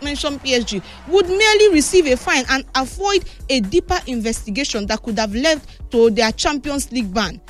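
A woman with a Nigerian Pidgin accent presenting football news, animated and emphatic, retelling quotes in a casual way. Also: high-pitched. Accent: Nigerian Pidgin English.

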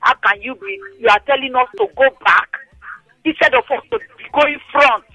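A woman radio phone-in host speaking Nigerian Pidgin, giving animated, scolding commentary on air. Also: high voice, moderate pace, no echo, rough recording. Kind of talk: casual radio phone-in chat.

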